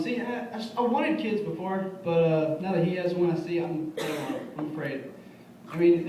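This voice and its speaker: In a bar music venue, a young stand-up comic with a fairly high, darkish-toned voice tells conversational stories and acts out what his friends said. There's slight background noise, the recording comes from an echoey, distant room mic, and the audience laughs throughout.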